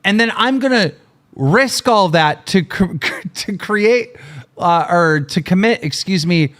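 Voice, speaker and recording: A man's voice: high-pitched, animated, slow pace, fairly bright tone. A middle-aged man hosting a livestream, ranting in an angry, mocking, profane way. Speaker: livestream host.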